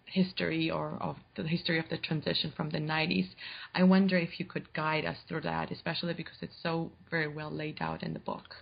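Husky woman interviewer with gravelly edge. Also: low voice, little pitch movement, muffled recording. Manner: polite, halting when framing questions. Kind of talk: podcast interview.

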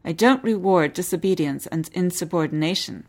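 A woman's voice: on the low side, normal speed, a little mellow. A woman voicing a stern male ship's commander and spy who speaks in icy, clipped tones.

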